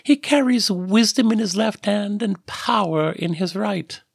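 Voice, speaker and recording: Sing-song motherly woman, voiced by a male reader, much higher than his own voice, bright and coddling, storybook reading. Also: unhurried, creaky, slightly rough, no room sound, clean studio sound, full character voice. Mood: mock grand. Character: warm motherly woman, playful and doting.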